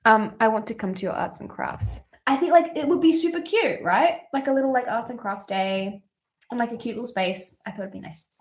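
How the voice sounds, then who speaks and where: Chatty young Australian woman, bright voice. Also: fairly high pitch, expressive, brisk. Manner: chatty, rambling, frequent ums, swears casually. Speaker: musician hosting a birthday livestream. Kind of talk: casual chat reading viewer questions.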